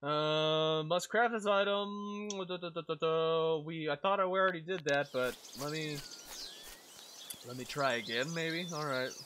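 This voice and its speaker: A man giving excitable live commentary on a game he is playing, talking to himself and to his characters and swearing when something startles him. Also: fairly high pitch, measured pace. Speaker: let's play gamer. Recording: loud game sounds behind voice.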